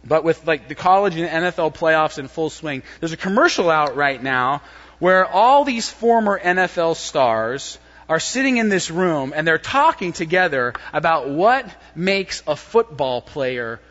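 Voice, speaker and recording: Male pastor with a high voice and a dramatic sermon delivery that swings from loud to hushed, recorded lo-fi in a long-reverb church hall. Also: expressive, normal speed.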